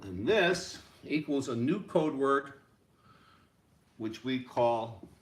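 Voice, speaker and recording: Guy teaching music rhythms, chants syllables over and over, slow, echoey room. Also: medium pitch, animated, a little hiss or hum.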